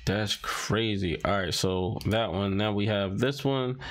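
Casual male commentator, unhurried delivery, mumbles through captions as he scrolls. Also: on the low side. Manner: reads captions aloud, muttering and reacting. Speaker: commentary vlogger. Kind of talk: casual commentary while scrolling social media posts.

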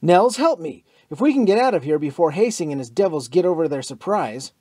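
A man voicing a young American bomber pilot in an audiobook, raising his voice with urgent, excited calls. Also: fairly high pitch, moderate pace, breathy edge. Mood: urgent, shouting. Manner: raised, urgent shouting. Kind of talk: audiobook character voice.

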